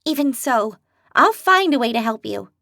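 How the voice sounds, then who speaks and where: A grumpy, spirited young healer with a blunt, quarrelsome edge and plenty of fight in her, as a woman narrator puts her on. Her voice sits high and swings widely, and the recording is close and dry. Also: animated, normal speed, creaky, bright, forceful tone, no echo, exaggerated voice.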